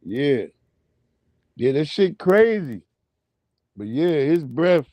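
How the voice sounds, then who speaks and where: A man's voice: on the high side, lively intonation, slow pace, long pauses, darkish tone, no room sound. A man hosting a livestream, swearing freely and laughing as he tells stories and greets his chat. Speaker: livestream host.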